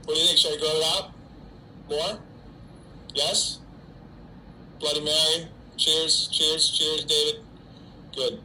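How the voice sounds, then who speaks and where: A middle-aged man talks to his webcam from home in a very bright, forward voice, pitched a touch high for a man. He rambles cheerfully, jokes at his own expense and reads out fans' questions. A faint room hum sits under him. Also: flat delivery, takes it slowly, pauses often, poor audio. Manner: chatty, self-mocking, talks to an unseen audience. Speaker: actor hosting a live fan stream. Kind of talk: casual solo livestream chat. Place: home during quarantine.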